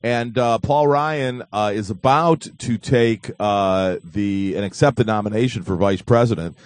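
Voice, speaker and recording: A man's voice: on the low side, unhurried, dry recording. A man hosting a live online talk show, joking and rambling with frequent fillers and restarts. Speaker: host.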